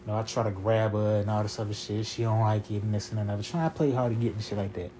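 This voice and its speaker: A man's voice: on the low side, steady tone, racing, mellow, a little hiss or hum. A man in his twenties telling a long story in a casual, rambling and profane way, with constant "you feel me" fillers.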